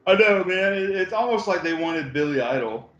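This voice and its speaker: A man co-hosting a casual movie review chat, laid-back and halting, with many fillers and swears. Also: sits high, animated, a bit bright, echoey room, muffled recording. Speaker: podcast co-host.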